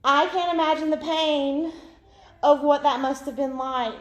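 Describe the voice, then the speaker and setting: A woman's voice: high-pitched, fairly even intonation, a little slow. A woman, preaching a sermon as emotional, earnest testimony. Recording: echoey room.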